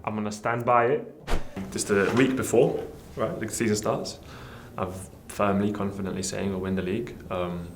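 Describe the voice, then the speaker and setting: A man's voice: on the low side, steady tone, normal speed, a little hiss or hum. Man teasing about football. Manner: boastful, teasing football fan. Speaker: podcast co-host. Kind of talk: casual banter among friends.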